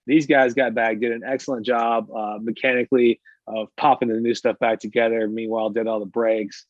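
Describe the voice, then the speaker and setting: A man on a podcast telling a casual story, animated and quick to act out what other people said. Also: medium pitch, no room sound. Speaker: podcast co-host. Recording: dull lo-fi podcast audio.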